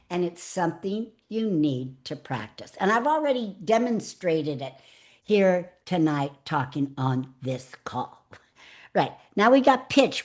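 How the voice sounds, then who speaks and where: A middle-aged woman teaching public speaking on a live call, talking in a chatty, expressive way. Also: on the low side. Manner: chatty, expressive, animated delivery with laughs. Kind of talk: live online coaching talk.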